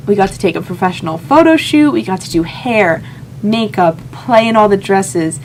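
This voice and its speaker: A woman's voice: lowish voice, moderate pace, a little hiss or hum. Earnest young woman telling a personal story. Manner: emotional, earnest storytelling with quoted inner thoughts. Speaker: vlogger.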